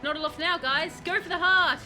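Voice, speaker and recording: A woman with a high, bright voice runs live commentary over a game, chatty and excitable as she talks to the figures on screen. Faint game music plays under her voice. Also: brisk. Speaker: streamer.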